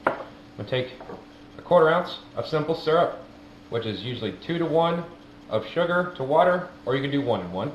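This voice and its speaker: A man's voice: a little high, lively intonation, moderate pace. A man casually demonstrating how to mix a cocktail, explaining each step as he goes. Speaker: cocktail maker. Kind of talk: casual instructional demo. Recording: roomy, muffled, faint background noise.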